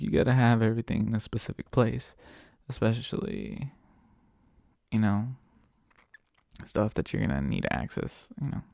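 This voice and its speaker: Man, gravelly, casual storytelling, profane, laid-back, dry close sound. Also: fairly low pitch, mellow, no echo. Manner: profane, laid-back, laughs while retelling. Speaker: podcast host.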